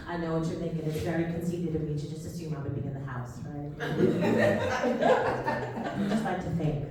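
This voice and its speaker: A woman's voice: low voice, fairly even intonation, moderate pace, a crowd in the background. A young American woman doing a stand-up comedy set, talking in a wry, conversational way and laughing at her own punchlines. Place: comedy club stage. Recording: echoey club, mic at a distance, faint hum.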